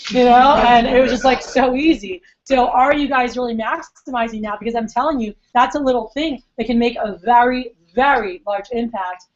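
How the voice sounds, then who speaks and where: A woman's voice: a little high, moderate pace, hardly any pauses. A young woman giving a chatty sales training talk at a meeting, telling stories and acting out what her customers said. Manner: chatty, acts out customer quotes. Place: meeting room. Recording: dull lo-fi recording.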